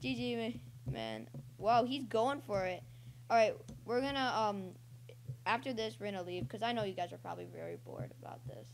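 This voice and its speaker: A young woman casually commentating her own online gameplay as a channel host, rambling and breaking into excited yelps and cheers. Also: mid-range voice, moderate pace, creaky, a little hiss or hum.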